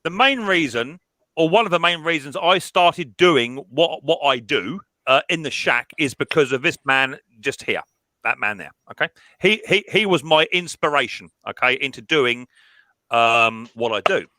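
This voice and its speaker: Bright-voiced man telling a story. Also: fairly high pitch, lively intonation, moderate pace, dry recording. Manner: emotional, storytelling with many restarts. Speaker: mower repair channel host. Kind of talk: live stream group chat.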